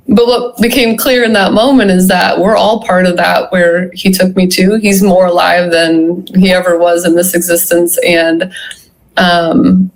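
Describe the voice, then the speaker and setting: A woman's voice: fairly low pitch, low-quality recording. A woman being interviewed about her memoir, telling a personal story in a reflective way, full of "you know" and "like". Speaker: guest, memoir author.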